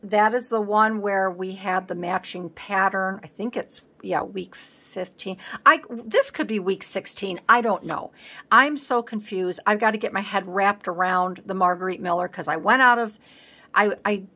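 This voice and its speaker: Female craft vlogger, bright voice, chatty and self-deprecating, casual running commentary while she works. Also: medium pitch, moderate pace. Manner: chatty, self-teasing, scatterbrained. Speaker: craft channel host. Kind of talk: casual crafting vlog chat.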